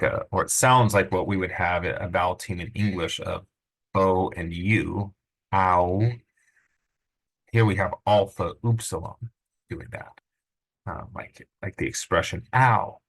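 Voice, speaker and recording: A man teaching a recorded language lesson, relaxed and chatty, with many fillers. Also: low-pitched, gravelly. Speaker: Greek teacher.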